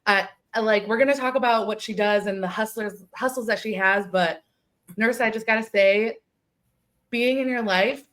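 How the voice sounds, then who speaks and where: A woman's voice: a little high, normal speed, fairly bright tone. A woman hosting a casual podcast chat, gushing and emotional, repeating words for emphasis. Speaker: podcast host.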